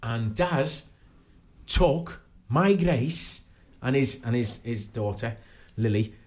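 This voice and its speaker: A man's voice: mid-range voice, expressive, slow pace. A man, chatting as a guest and telling rambling stories, often asking "do you know what I mean". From Liverpool area. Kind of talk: casual chat.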